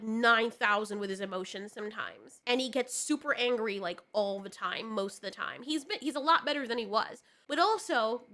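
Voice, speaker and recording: A young woman co-hosting a casual advice chat, animated and frank, swearing freely and swinging between loud outbursts and hushed asides. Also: fairly high pitch. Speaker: podcast co-host.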